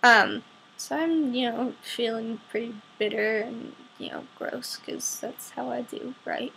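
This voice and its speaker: Young woman vlogger, bright gravelly voice, candid and wry, casual storytelling. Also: a little high, fairly even intonation, unhurried, a little hiss or hum, rough recording. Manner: candid, wry, frequent fillers.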